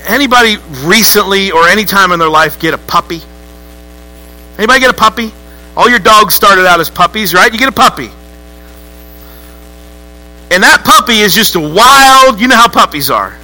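Male pastor, high and very bright voice, lively joking sermon delivery. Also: normal speed, long pauses, low-quality recording. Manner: lively, joking, acts out voices with rising outbursts. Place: church sanctuary with congregation.

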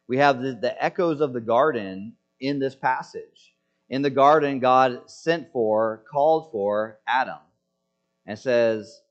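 A man delivers a sermon in an emphatic voice, pressing rhetorical questions and then dropping to a hush. His voice sits at a middle pitch. The recording is a little muffled. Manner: emphatic, rhetorical questions, swings from loud to hushed. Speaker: preacher. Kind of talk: expository sermon.

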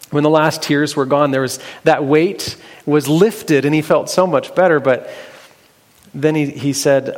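A man telling a Bible story aloud, unhurried and halting, with fillers and restarts. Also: medium pitch, vocal fry. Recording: long hall reverb.

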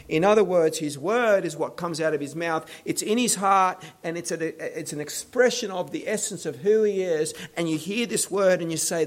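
A man preaching a sermon in an earnest voice, often restarting his words and dropping to a hushed tone. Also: fairly high pitch, expressive, normal speed. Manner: earnest, stumbling restarts, pleading then hushed. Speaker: pastor.

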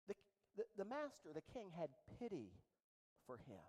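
Woman preaching with lively, dramatic delivery. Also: fairly low pitch, moderate pace, poor audio. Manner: dramatic storytelling, acting out quotes. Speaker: pastor. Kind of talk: sermon.

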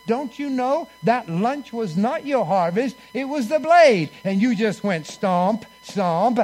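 A man preaching a sermon, leading the congregation in call-and-response and swinging between booming lines and hushed ones. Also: animated, moderate pace, few pauses.

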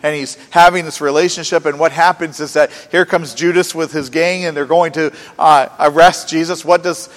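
A man's voice: on the high side, fairly even intonation, moderate pace, few pauses. Earnest preacher man in a reverberant hall. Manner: earnest, rising and falling with emphasis, rhetorical questions. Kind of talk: sermon.

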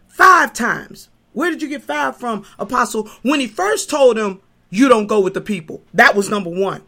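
A woman preaching a sermon, moving from hushed talk to shouting, repeating herself and stumbling over fillers. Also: a little high, gravelly. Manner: impassioned, swings from hushed to shouting.

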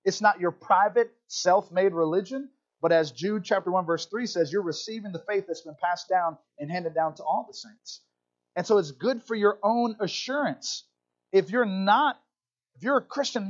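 High-voiced country-accented preacher. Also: male voice, dull audio. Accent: Southern US country. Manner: animated preaching, asides to congregation. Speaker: pastor. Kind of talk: sermon.

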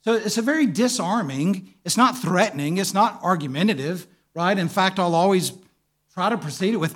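High-voiced man teaching a church group. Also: moderate pace. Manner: animated storyteller, asks the listeners questions. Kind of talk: conversational teaching talk.

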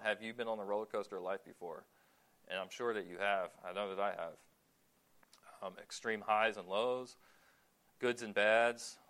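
Speaking at a fairly low pitch, this man gives a sermon that feels relaxed and conversational. He poses questions to his listeners and lingers on filler words.

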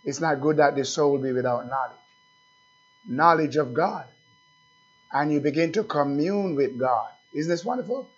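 A man preaching a sermon as pastor, speaking slowly and asking the congregation questions again and again. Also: on the high side, breathy edge, highs cut off.

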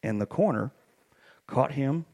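Animated middle-aged preacher man. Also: medium pitch, measured pace. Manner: animated storytelling, shouting peaks. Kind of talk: sermon.

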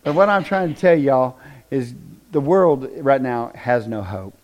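A man's voice: medium pitch, measured pace, highs cut off. A man preaching a sermon to a congregation, telling stories, joking with the room and closing in prayer. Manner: animated, acts out people in quotes, jokes with the room.

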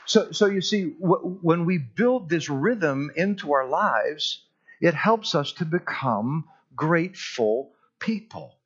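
A male pastor preaches a sermon in church, earnest and emphatic, stretching out the words he wants to land. His voice sits a little high, and the recording has a slightly dull, lo-fi sound. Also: expressive, slow, breathy edge.

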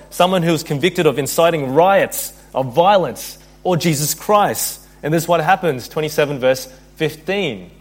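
A man preaching a sermon in an earnest, steady voice. He reads scripture aloud and builds in intensity as he speaks. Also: on the high side. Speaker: pastor.

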